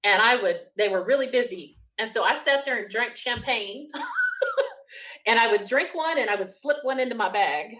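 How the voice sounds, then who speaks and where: Lively woman telling a story. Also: on the high side, low-quality recording. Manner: lively, quick storyteller who laughs often. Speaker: interview guest. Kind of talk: animated anecdote telling.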